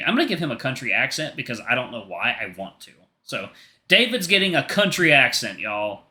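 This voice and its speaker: Brief: male streamer narrating a visual novel, bright and forward tone, playful commentary. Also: medium pitch, very animated, a little fast. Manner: playful, jokey asides. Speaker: gaming streamer.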